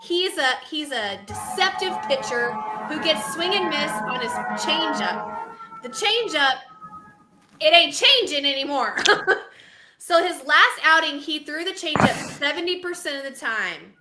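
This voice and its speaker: A woman co-hosting a casual sports podcast, talking in a dramatic, animated, self-mocking way. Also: sits high, a little slow, echoey room, over loud music. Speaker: podcast co-host.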